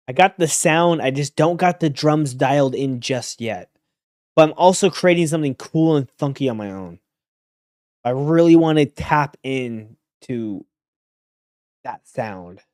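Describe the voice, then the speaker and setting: A young man livestreaming while making beats, chatting casually and excitably with his viewers, swinging between loud bursts and quiet mumbling. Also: medium pitch, unhurried, long pauses, dry recording, clean studio sound. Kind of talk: casual chat to stream viewers.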